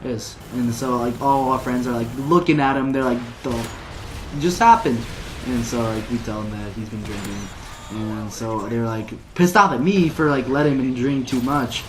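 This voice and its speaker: A man's voice: medium pitch, fairly even intonation, normal speed, slight background noise. A man commentating a game while telling a long, rambling story full of "like" fillers, sometimes laughing at his own tale. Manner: rambling, filler-heavy with constant "like". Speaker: gameplay commentator. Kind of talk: casual storytelling over gameplay.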